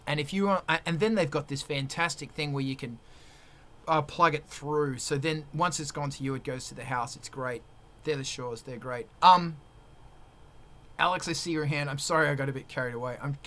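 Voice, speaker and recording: Brief: male musician host, bright tone, excitable rambling chat. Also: fairly high pitch, normal speed. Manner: animated, rambling, excitable, teasing. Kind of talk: casual live-stream chat.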